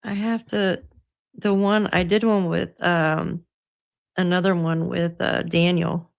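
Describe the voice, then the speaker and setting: Woman livestream host, gravelly voice, yaps and cusses, laughs a lot, at home on her computer. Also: on the low side, little pitch movement, slow pace. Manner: chatty, swears freely, laughs often. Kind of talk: casual livestream chat.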